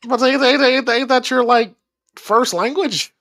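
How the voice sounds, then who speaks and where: A man casually chatting and reacting out loud while watching a horror film as host. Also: very high-pitched, dry recording, studio quality. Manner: animated, reacting with quick exclamations. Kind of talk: casual live movie commentary.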